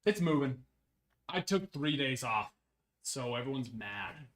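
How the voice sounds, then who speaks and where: A man hosting a card break livestream, slightly raspy and hoarse as he recovers from a cold, chatting and teasing playfully. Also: medium pitch, animated, measured pace, a bit bright. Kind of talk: casual livestream chat.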